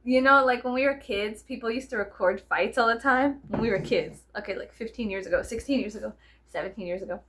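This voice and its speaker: A woman's voice: fairly high pitch, quick pace, fairly bright tone, slight background noise. A woman, chatting casually to camera in a rambling, giggly, profane way full of fillers. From South Texas. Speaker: vlogger.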